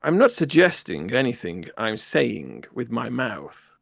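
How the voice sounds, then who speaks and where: A blunt military starship captain, as a man puts him on barks curt orders in a gravelly voice. The sound is dry and close. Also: medium pitch, big pitch swings, moderate pace, a bit bright, dry recording. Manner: curt and threatening.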